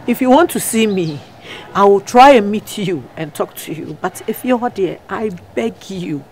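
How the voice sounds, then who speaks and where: Give me a woman playing a Ghanaian married woman begging, animated pitch, exasperated. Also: a little slow, a little hiss or hum, lightly acted. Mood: pleading. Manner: pleading, exasperated. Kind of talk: web drama acting.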